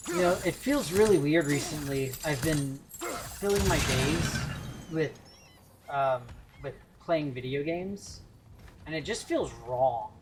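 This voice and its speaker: Slow, jokey male streamer with faint background noise. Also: on the high side. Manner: rambling, jokey, self-interrupting. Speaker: gaming streamer. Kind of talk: casual gameplay commentary.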